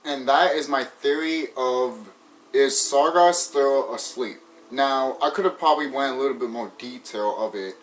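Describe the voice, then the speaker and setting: A man's voice: mid-range voice, a little hiss or hum, rough recording. A man wrapping up a gaming video, rambling casually with hesitations, fillers and restarts. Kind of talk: casual video outro talk.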